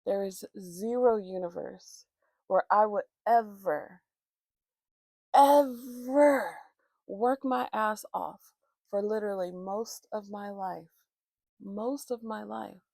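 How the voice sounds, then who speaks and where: A woman's voice: medium pitch, steady tone, slow, gravelly, darkish tone, no echo, clean studio sound. A woman vlogger chatting casually, telling a rambling, profane, candid story with many restarts.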